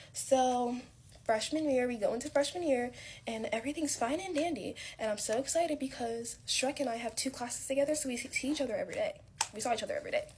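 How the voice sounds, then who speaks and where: A woman's voice: on the high side, background noise. A young woman telling a casual story-time tale about college friends in a rambling, filler-heavy way. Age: young adult.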